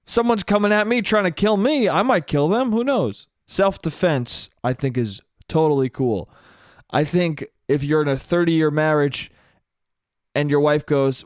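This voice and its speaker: A man's voice: a little high, moderate pace, no room sound, clean studio sound. A man hosting a solo podcast, telling comic stories and acting out quoted voices, swearing casually. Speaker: podcast host. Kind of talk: solo comedic monologue.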